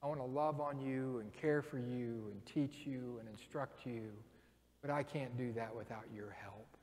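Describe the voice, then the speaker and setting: Midwestern pastor preaching in a reverberant church. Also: male voice, medium pitch, normal speed, darkish tone. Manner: storytelling, acts out quoted voices. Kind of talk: sermon. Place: church sanctuary. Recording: long reverb of a church hall.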